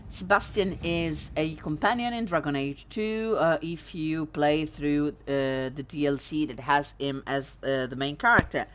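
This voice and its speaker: A woman hosts a let's play, chatting loosely over her gameplay. Her voice sits somewhat low, and she throws in sarcastic asides and plenty of ums and uhs. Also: unhurried, hardly any pauses. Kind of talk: casual gameplay commentary.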